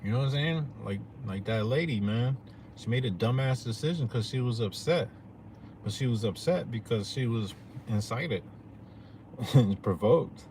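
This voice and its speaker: A man's voice: medium pitch, expressive, normal speed, darkish tone, a little hiss or hum. A man talking to his viewers in a loose, slangy, profane rant, often asking "you know what I'm saying". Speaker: vlogger.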